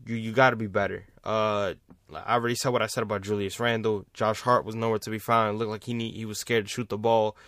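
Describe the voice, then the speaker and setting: A man's voice: fairly low pitch, level tone, fast talker, a bit bright, no echo, studio quality. A man hosting a sports vlog, ranting casually with heavy swearing and repeating his points for emphasis. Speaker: sports commentator, vlog host.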